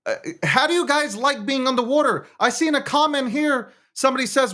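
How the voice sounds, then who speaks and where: A man's voice: extremely high pitch, fairly quick, sharp tone. A man hosting a show, talking in a casual political rant, swearing, laughing often and restarting his words. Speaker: show host.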